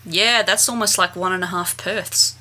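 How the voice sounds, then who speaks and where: A woman's voice: lowish voice, fairly even intonation, moderate pace, pushed and bright. A woman co-hosting a casual podcast, sarcastic and swearing freely as she chats and reads aloud from a book. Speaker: guest co-host.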